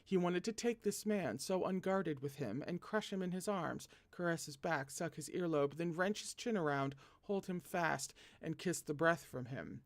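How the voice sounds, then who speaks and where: A man reading a novel aloud as host of a read-along, animated and often stopping to joke and laugh at the text. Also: a little high, a little slow. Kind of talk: read-along narration with asides.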